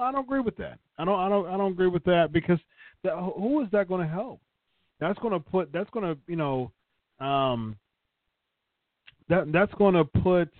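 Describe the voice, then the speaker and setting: A man's voice: on the high side, no room sound. A male podcast host giving opinionated, casual commentary and answering a live chat, who often repeats words and restarts sentences. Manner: opinionated, conversational. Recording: tinny phone-like line, dry.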